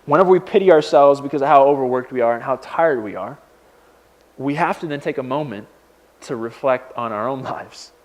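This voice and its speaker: A young man preaching as a pastor in a casual, conversational way, telling stories with lots of fillers and restarts. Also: mid-range voice. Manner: conversational, animated storytelling with many fillers. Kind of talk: sermon.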